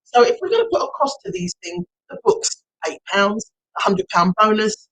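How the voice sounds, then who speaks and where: A middle-aged woman, a hypnotherapist, chatting casually on a live stream and bursting into excited shouts as she hosts a prize draw. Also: medium pitch, moderate pace, gravelly, no room sound, poor audio.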